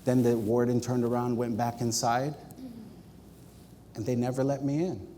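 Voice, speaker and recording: A man from Guam giving a keynote talk, telling a story in an animated way and acting out the dialogue. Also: mid-range voice, normal speed. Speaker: keynote speaker. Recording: long hall reverb with faint noise.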